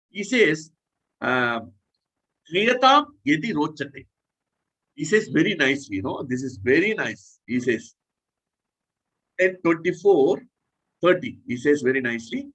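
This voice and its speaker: A man's voice: fairly high pitch, a bit bright, husky, rough recording. A man preaching a scripture class in an earnest, repetitive, instructive way.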